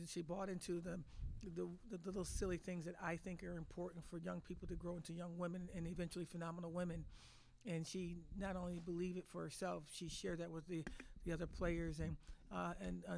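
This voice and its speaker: A woman's voice: on the low side, vocal fry, darkish tone. A middle-aged woman head coach answering press conference questions with emphatic, restarting speech. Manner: emotional, repetitive restarts, emphatic.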